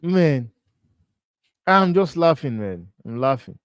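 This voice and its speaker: A man's voice: fairly high pitch, sing-song, slow pace, no room sound, studio quality. Ranting, incredulous football host man. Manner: incredulous, ranting, repeats himself. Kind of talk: live football watch-along chat.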